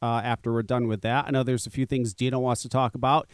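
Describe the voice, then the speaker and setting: A man's voice: mid-range voice, flat delivery, quick pace, smooth, no room sound, clean studio sound. Profane rambling talk radio host man. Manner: profane, rambling, laughs often. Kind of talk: casual talk radio chat.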